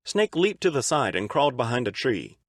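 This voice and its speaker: A man narrating a fan-read audiobook with expressive, dramatic storytelling. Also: mid-range voice, brisk, dry recording, clean studio sound.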